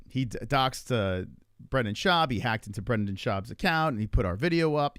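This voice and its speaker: A man's voice: medium pitch, brisk, dry recording, studio quality. A male podcast host telling stories in a casual, rambling way and swearing freely. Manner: animated, swears freely, loose rambling retelling. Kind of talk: casual storytelling chat.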